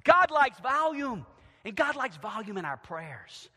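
A middle-aged man preaching a sermon as pastor in a church, moving from quiet, intimate asides to loud, shouted emphasis. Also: extremely high pitch, very animated, unhurried, slightly rough. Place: church sanctuary. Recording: long church reverb.

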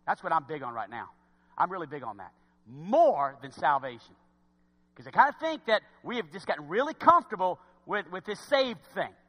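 A man preaching a sermon in church, swinging from quiet asides to loud exhortation. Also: sits high, sing-song, moderate pace, breathy edge, long reverb tail.

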